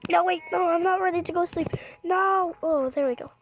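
A woman giving casual, excitable commentary while playing a scary game, gasping and jumping at every scare. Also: very high-pitched, normal speed, slight background noise. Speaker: gaming streamer.

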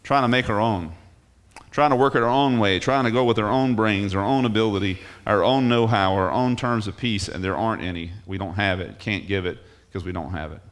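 A man's voice: on the low side, brisk. Man preaching an emphatic sermon. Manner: emphatic, rising on key phrases, restarts words. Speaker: pastor. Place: church.

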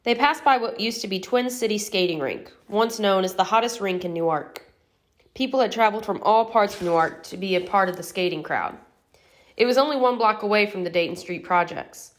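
A woman reading a novel aloud as an audiobook narrator in a steady, even storytelling manner. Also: mid-range voice, a little fast. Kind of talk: scripted narration.

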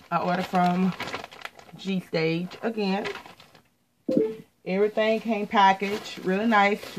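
A woman's voice: medium pitch, noisy background. An American woman chatting casually to viewers as she shows off her latest clothing haul, repeating words and often saying "you guys.". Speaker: fashion vlogger.

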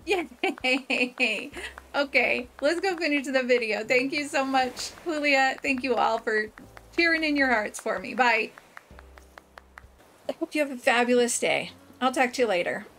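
A woman hosting a let's play, chatting to her viewers in an excitable, bubbly way. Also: high voice, a little slow, a little hiss or hum. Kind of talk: cheerful gameplay commentary.

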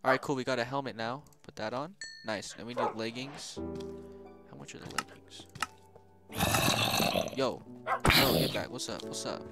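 A young man giving casual, slangy gameplay commentary, excitable and often shouting at the game. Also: mid-range voice, moderate pace, pauses often. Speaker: gaming youtuber. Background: loud background music.

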